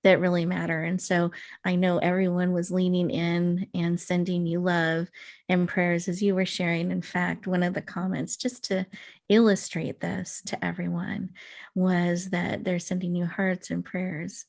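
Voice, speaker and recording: A woman hosting an online summit interview who affirms her guest and speaks in a measured, encouraging way. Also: on the low side, completely flat delivery, gravelly, a little mellow. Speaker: summit host.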